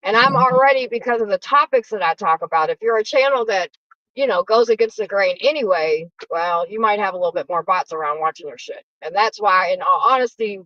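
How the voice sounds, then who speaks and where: A woman's voice: medium pitch, animated, fairly quick, bright, forceful tone, lo-fi sound. A woman hosting a casual livestream, blunt and profane in how she talks. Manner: blunt and profane, plain-spoken. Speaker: host.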